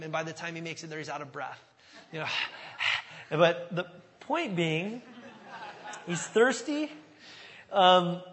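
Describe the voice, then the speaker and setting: High-voiced pastor preaching in a hall. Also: male voice, fairly bright tone. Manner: conversational, asks the congregation questions. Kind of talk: sermon.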